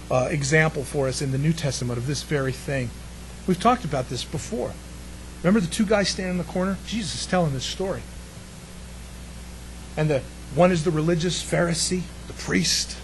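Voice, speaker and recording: A man preaching a sermon to a congregation, chatty and lively, throwing in jokes and questions to the room. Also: on the high side, a little hiss or hum, rough recording. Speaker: pastor.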